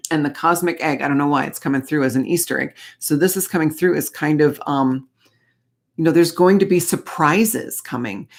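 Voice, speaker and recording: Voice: mid-range voice, normal speed, vocal fry. Gushing, chatty oracle card reader. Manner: gushing, chatty, full of fillers and asides. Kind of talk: casual spiritual card reading.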